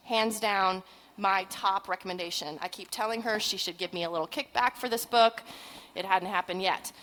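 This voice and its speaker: A woman in her forties, a parenting trainer giving a humorous conference talk, chatty and animated, with asides and self-deprecating jokes. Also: medium pitch, poor audio. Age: 40s.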